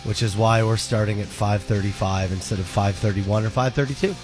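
A man's voice: fairly low pitch, fairly even intonation, fairly quick, over music. A man co-hosting a morning radio show from the studio, joking and chatting loosely with his partner on a studio mic. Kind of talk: casual morning radio banter. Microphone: studio microphone with headphones.

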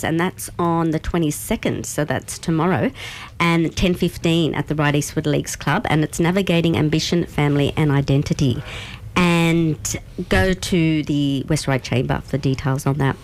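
A woman reading out local community events on the radio in a brisk announcing manner. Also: low-pitched, slight background noise.

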